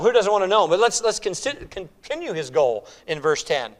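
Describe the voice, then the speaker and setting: A man delivering a sermon with a high, light voice. He preaches emphatically, rising to loud exclamations and dropping to hushed lines, and repeats words and phrases for emphasis. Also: very animated, a little fast, few pauses. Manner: emphatic, swings between loud exclamations and hushed near-whispers.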